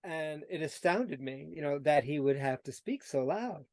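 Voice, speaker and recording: A man's voice: on the high side, normal speed, dry recording. A man telling personal stories as a guest on an interview show. He brings the story to life by acting out the dialogue, and he sometimes repeats and restarts his words. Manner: animated storyteller who acts out quoted dialogue; repeats himself and restarts when searching for words. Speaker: guest, personal transformation coach. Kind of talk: storytelling in conversation.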